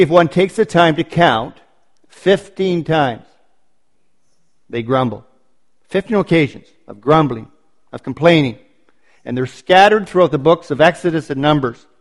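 With a fairly high pitch, a man delivers a sermon that builds through emphatic repetition, easing his pace on the phrases he wants to stress.

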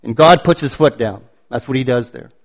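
Emphatic repetition shapes this sermon, preached by a man with a medium-pitched voice. He slows on the phrases that carry his stress.

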